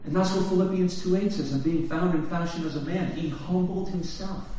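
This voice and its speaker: A man's voice: sits high, brisk, slight background noise. Echoey, distant preacher man. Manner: asks the congregation questions, swings from hushed to shouting. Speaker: pastor. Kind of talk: sermon. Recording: very echoey hall from far off.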